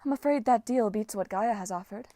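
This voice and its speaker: A woman's voice: medium pitch, a little fast, warm tone, no room sound, lightly acted. A woman reading an audiobook voices a vain, bored female storm goddess who speaks in a languid, unimpressed way.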